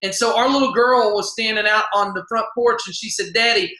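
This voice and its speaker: A man co-hosting an online sales party in a casual, upbeat pitch, repeating himself for emphasis. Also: fairly even intonation, a little fast, sharp tone, reverberant, rough recording.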